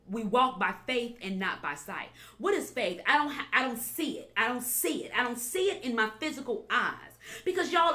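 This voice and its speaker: A woman pastor preaching a sermon with animated delivery, repeating phrases and building to emphatic peaks. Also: fairly high pitch.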